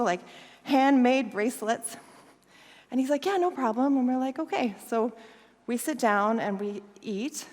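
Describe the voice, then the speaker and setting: A woman guest speaker telling a lively story, laughing often and acting out the voices of the people in it. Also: fairly high pitch. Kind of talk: storytelling talk. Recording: long hall reverb.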